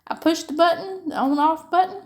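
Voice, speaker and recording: A woman's voice: very high voice, fairly quick. A middle-aged woman with a Southern US accent from upstate South Carolina, chatting in a rambling, folksy way while she crafts. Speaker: diamond painting vlogger.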